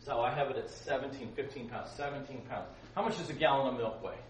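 A man with a medium-pitched voice talks quickly as he gives a youth group an informal Bible lesson, full of jokes and questions for his listeners. It was recorded in a roomy, gym-like hall from a distant mic, with faint background noise.

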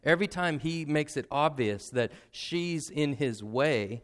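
A man's voice: fairly high pitch, lively intonation, measured pace, fairly bright tone. A man, perhaps in his thirties, preaching a sermon in an earnest, conversational way, often adding "right?" and at times close to tears. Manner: earnest and emotional, nearly tearful at times; conversational, with frequent "right?" asides and repetition. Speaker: pastor.

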